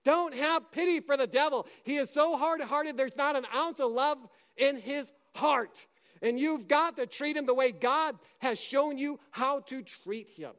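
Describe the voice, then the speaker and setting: A man preaching a sermon with passion, dropping to a hush and then rising to a shout as he acts out scripture scenes. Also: very high voice, unhurried. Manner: impassioned, swings from hushed to shouting; acts out scripture dialogue in character.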